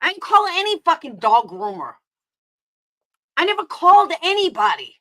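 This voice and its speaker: Streamer, woman, New York accent; high, sharp voice, angry profane rant at her chat. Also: sing-song, normal speed. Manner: heated, profane, confrontational, answering chat.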